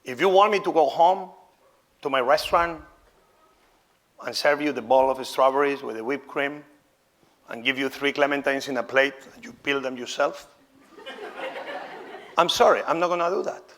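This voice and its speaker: Bright-voiced showman chef, non-native speaker. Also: medium pitch, moderate pace, pauses often. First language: not English. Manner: showman-like, exclaiming, then candid and conversational. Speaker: chef giving a demonstration lecture. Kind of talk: live cooking demonstration talk.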